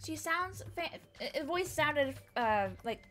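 A woman streaming a game, reading it aloud and joking, animated and swearing at times. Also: high voice, takes it slowly, faint music behind. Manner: animated, jokey, swears and laughs often. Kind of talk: live game playthrough with voice acting.

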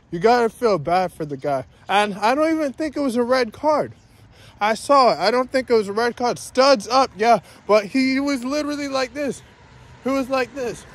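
A man ranting in a casual vlog while walking around his neighborhood outdoors, repeating himself and calling out "guys" again and again. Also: extremely high pitch. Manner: repetitive, ranting, says "guys" constantly. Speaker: vlogger.

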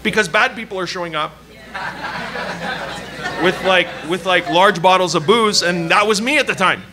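A man preaching a sermon at a church service, telling a personal story in an animated, joking way. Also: high-pitched, moderate pace. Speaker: pastor. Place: church service before a congregation. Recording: live church hall with crowd. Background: audience laughing and calling out.

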